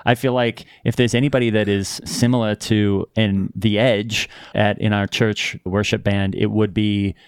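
A man with a fairly low voice stumbles through his sentences in deadpan comic banter. His voice sits close and dry, with no room sound. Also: clean tone, no room sound. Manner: hesitant, halting restarts, deadpan. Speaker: podcast co-host. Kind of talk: improvised comedy podcast banter.

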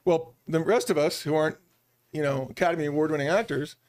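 A middle-aged man speaking as a business-leader guest on a podcast, an animated storyteller who acts out bits of quoted dialogue. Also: a little high, fast. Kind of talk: podcast interview.

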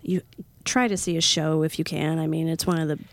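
A woman travel editor chatting casually and recommending places in a relaxed way. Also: low voice, fairly quick, no echo. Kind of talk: casual podcast chat.

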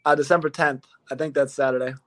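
Brief: athlete guest, young man, somewhat high voice, earnest and rambling, flat tone. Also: fast talker. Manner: earnest, rambling with many restarts. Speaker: pro football player guest. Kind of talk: casual interview talk.

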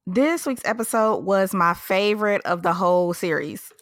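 A woman's voice: mid-range voice, lively intonation, normal speed, no room sound, clean studio sound. A woman co-hosting a podcast in casual chat, talking eagerly with many likes and you-knows. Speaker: podcast co-host.

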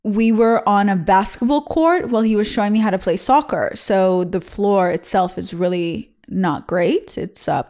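A woman's voice: mid-range voice, moderate pace, hardly any pauses, a little mellow. A young woman from Israel hosting a show, reacting to listener stories in a candid, bawdy, laugh-filled casual chat. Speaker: host reading listener stories.

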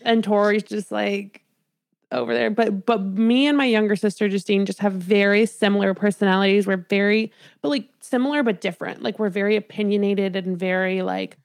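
Woman co-host, casual and chatty, mid pitch, dry recording. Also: fairly even intonation, a little fast, no echo. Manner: chatty, laughs along. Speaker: podcast co-host. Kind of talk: casual chat.

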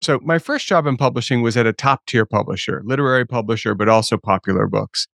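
A man's voice: mid-range voice, quick pace, creaky, fairly bright tone, no echo, studio quality. A man co-hosting, chatting casually with a wry, self-deprecating manner. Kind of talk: casual chat.

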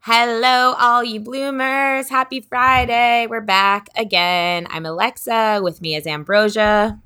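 A woman's voice: a little high, steady tone, unhurried, sharp tone, soft background music. A woman hosting a casual podcast, chatty and giggly, with lots of filler words. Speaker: podcast host.

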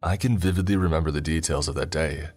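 A man giving a somber, measured scripted horror narration. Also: a bass voice, a little mellow, breathy edge, faint music behind.

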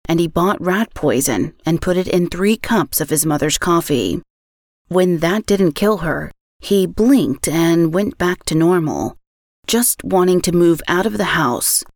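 A woman hosting a podcast, reading a scripted true-crime story in a measured way that slows on grim details. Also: lowish voice, animated, dry recording, studio quality. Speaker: podcast host.

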